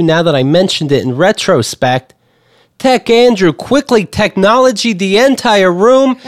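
A high-pitched man co-hosts a comedy podcast, joking around and reading an ad loosely in an animated way. It's casual comedic chat, recorded with clean studio sound and no room echo.

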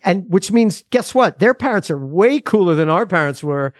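A man's voice: high-pitched, expressive, normal speed, no echo, studio quality. Earnest rambling musician in his forties. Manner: rambling, restarts often, earnest. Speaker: musician guest. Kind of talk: casual podcast conversation.

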